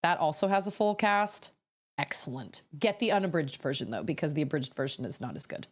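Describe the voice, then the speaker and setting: A woman in her thirties chatting casually on a livestream, rambling to herself as she builds, her voice a little rough. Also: sits low, expressive, a little fast. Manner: chatty, rambling, self-talking while building. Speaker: streamer.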